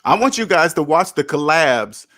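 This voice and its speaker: Hosting a casual livestream, this man, thirties or older, reads chat aloud and responds with a fairly high, very animated voice that's a bit bright and moves at a moderate pace. He lectures his viewers bluntly and doesn't hold back on swearing.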